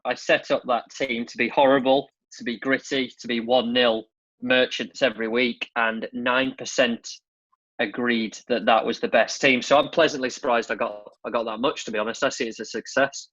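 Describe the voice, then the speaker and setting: A man's voice: mid-range voice, fairly even intonation, moderate pace, a bit bright, breathy edge, no room sound, highs cut off. A man joining a football podcast as a guest over a video call, bantering dryly. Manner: dry, joking banter. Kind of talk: casual football podcast chat.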